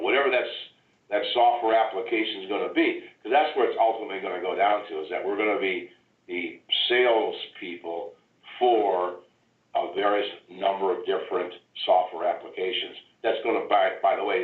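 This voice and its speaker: A man hosting a business call, talking casually with many restarts and fillers. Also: lowish voice. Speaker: host of a member call. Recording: echoey, tinny phone-line sound.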